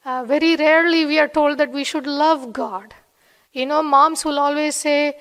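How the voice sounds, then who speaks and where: A woman giving an earnest devotional talk, telling a personal story in a soft-spoken way. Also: high-pitched, fairly even intonation, moderate pace. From USA. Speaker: devotional speaker. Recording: long hall reverb.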